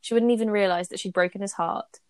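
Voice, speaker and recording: A woman co-host who reads a story aloud and breaks off to chat. She's blunt and animated, with a mid-range voice. The sound is dry and close. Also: mid-range voice, fast talker, smooth, dry recording. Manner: animated, blunt, swears freely. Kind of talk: casual chat and story reading.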